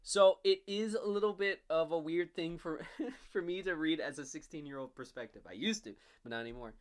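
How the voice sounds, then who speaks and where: A man in his twenties giving a casual, animated book review, swearing often and acting out the characters' lines. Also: fairly high pitch, fairly quick. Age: 20s. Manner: animated, profane, frequent "like" fillers, acts out characters.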